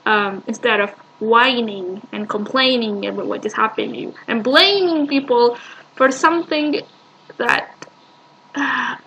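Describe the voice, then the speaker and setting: A woman hosts a casual reaction video, hesitant and dismissive as she works through her thoughts with many fillers. Her voice is high and bright, and she speaks slowly. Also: dull audio, a little hiss or hum.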